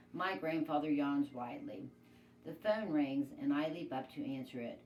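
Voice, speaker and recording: Low-voiced woman reading a novel aloud. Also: normal speed, distant mic. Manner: plain, steady storytelling. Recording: echoey room, away from mic, faint noise.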